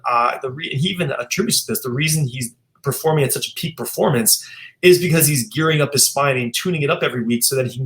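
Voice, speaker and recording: A man's voice: mid-range voice, a bit bright. A man, a chiropractor guest on a podcast, telling earnest stories with many restarts. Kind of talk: podcast interview chat.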